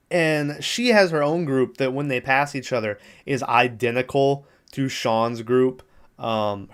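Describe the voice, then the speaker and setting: A man's voice: medium pitch, smooth. Casual profane man recapping a film. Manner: rambling, profane, laughs while retelling scenes. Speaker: podcast host.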